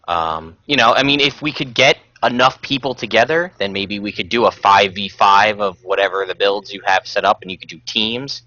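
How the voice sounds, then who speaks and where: A man hosting a casual podcast, talking in a relaxed, rambling way with plenty of fillers. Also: on the low side, moderate pace, few pauses, no room sound, dull audio. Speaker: podcast host.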